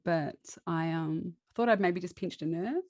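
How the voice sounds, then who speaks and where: A woman tells a personal story in a loose, chatty way, often laughing and breaking off to restart her sentences. Her voice sits a little low, and the recording is close and dry. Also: a little slow, darkish tone, dry recording. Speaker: guest.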